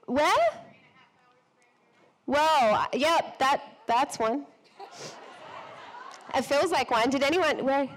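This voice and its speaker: A woman hosting a live church women's event, slightly hoarse from a cold, bubbly and effusive, laughing often as she speaks to the audience on a stage mic. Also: high voice, animated, extremely slow, pauses often, rough recording. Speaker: event host. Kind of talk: enthusiastic welcome speech to a live audience. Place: event hall before an audience.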